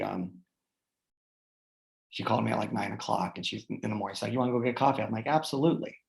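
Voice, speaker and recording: A man with a gravelly, creaky voice tells a personal story to his guests in an earnest, heartfelt way. He leans on fillers like "like" and "you know" as he goes. The sound is roomy and echoey. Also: fairly low pitch. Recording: roomy echo.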